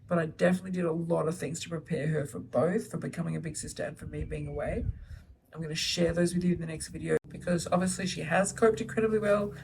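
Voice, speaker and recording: A middle-aged solo mother who vlogs chats to camera at home, gushing about her children while her baby sleeps nearby. Her voice is fairly low with vocal fry, she sits far from the mic, and the background is noisy.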